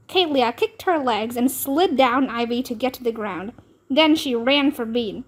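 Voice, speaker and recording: A woman reads a children's chapter book aloud in slow, expressive narration. Her voice sits high and moves with lively swings. She takes her time over every line. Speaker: storybook reader.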